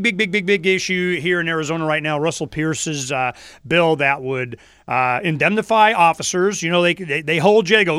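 A man hosting a casual talk radio show, animated and mocking, who slips into voices to mimic officials. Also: fairly high pitch, normal speed, smooth, no room sound, clean studio sound.

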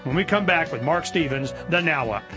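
A man hosting a talk radio show in a studio, talking in an animated, emphatic, rambling way and acting out other people's voices. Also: a little high, over music. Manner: animated, emphatic, rambling with frequent "you know"; acts out other people's voices in quick asides.

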